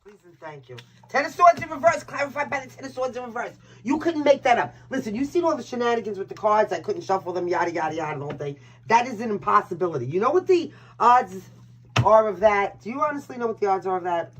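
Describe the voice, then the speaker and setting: A Brooklyn, New York woman with a Brooklyn accent hosts a casual live-stream tarot reading, brash and chatty, swearing and laughing at her own jokes. Her mid-range voice has lively intonation and a quick pace, though the audio is poor.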